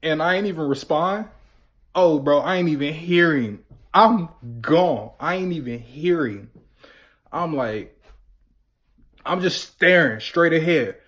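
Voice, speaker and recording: A man's voice: a little high, slow, pauses often. A young man vlogging, telling a story in a casual, slangy way and acting out the voices of friends. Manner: animated, slangy retelling with quoted voices.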